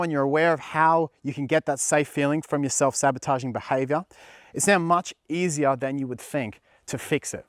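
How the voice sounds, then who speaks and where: A man's voice: fairly high pitch, no echo, clean studio sound. Earnest man coaching straight to camera. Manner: earnest, emphatic, repeats words when stressing a point. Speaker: dating coach. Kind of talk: direct-to-camera coaching talk.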